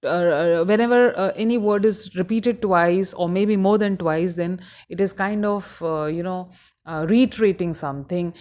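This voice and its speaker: A woman with an Indian English accent giving a recorded lecture on a poem, explaining slowly with many hesitations. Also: fairly low pitch, mellow. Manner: halting, explanatory, many fillers.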